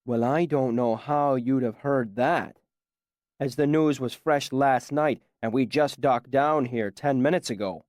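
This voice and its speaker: A man doing a gruff hostile bald riverman. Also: mid-range voice, a little mellow, dry recording, clean studio sound, lightly acted. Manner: slow, threatening drawl.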